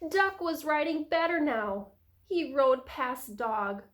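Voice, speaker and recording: A woman who is a preschool teacher, reading a picture book aloud to young children in a slow, sing-song storytelling voice. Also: high-pitched, expressive.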